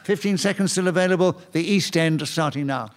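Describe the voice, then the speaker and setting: A man chairing a radio panel game before a live audience, briskly ruling on challenges. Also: on the high side. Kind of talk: radio panel show hosting.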